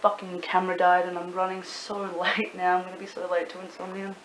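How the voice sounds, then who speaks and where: A young Australian woman talks straight to the camera in a loose, rambling vlog, swearing often and stacking up ums and likes. Her voice sits a little low. The room is echoey, with a faint hiss underneath. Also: completely flat delivery, a little fast. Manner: chatty, swears freely, rambling with many fillers. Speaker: YouTuber and club promoter. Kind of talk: casual talking-to-camera vlog.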